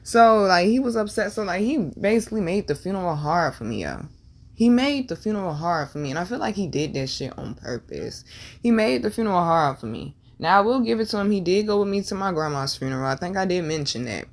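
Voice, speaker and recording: Speaking fairly quickly in a sing-song, lowish voice, a young tarot and numerology vlogger opens up about a painful experience. Her delivery is candid, laced with slang and curses, and she repeats lines to drive points home.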